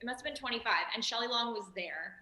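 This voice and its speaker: Animated woman, bright voice, echoey room. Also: on the high side, fast talker. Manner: animated storyteller, acts out quoted voices. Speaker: actress and series creator, guest. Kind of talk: casual interview chat.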